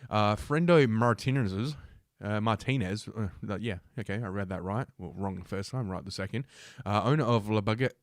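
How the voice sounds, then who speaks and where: Low-voiced man ranting sarcastically. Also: normal speed, few pauses, no echo, clean studio sound. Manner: sarcastic, profane and combative. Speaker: livestream host. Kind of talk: ranting commentary while reading news aloud.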